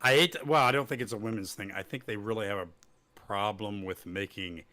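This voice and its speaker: A man's voice: fairly low pitch, brisk, crowd noise. A man co-hosting a podcast in casual, chatty conversation. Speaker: podcast co-host. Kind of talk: casual chat.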